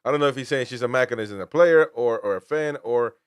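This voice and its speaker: A man hosts a relaxed football chat, rambling and restarting his sentences. His voice is smooth and clear at a middle pitch, recorded close and dry. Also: fast talker, dry recording. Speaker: host. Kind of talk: casual football talk.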